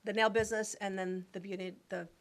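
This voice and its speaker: A middle-aged woman, a guest on a talk show, chatting casually and telling animated stories about her career in real estate. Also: medium pitch, brisk. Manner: animated storyteller who acts out voices. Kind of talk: casual interview storytelling.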